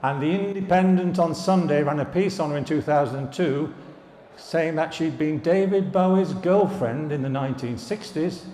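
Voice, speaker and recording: A man's voice: a little high, moderate pace, warm tone. An older man gives an anecdotal anniversary speech to alumni, recalling student days with wry asides and jokes. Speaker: former students' union president giving an anniversary speech. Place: large hall at a live event. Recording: echoey hall, reverberant room.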